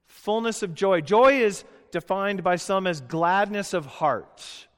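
A man preaching a sermon, emphatic and conversational, building to loud rhetorical questions. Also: a little high, expressive, takes it slowly. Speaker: pastor. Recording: long hall reverb.

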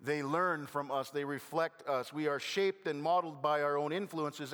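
A man's voice: fairly high pitch, steady tone, fairly bright tone, smooth. Older male pastor in a reverberant hall. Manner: conversational, self-deprecating humor with halting restarts. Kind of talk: sermon. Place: church sanctuary.

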